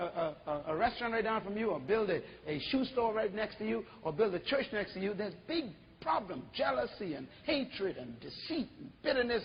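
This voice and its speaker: A man preaching an animated sermon as pastor, full of rhetorical questions. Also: very high voice, breathy edge, in a large hall, dull audio.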